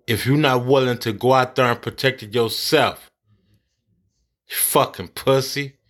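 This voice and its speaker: A man's voice: mid-range voice, steady tone, unhurried, fairly bright tone. A man ranting angrily about politics, profane and blunt. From United States. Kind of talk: angry political rant.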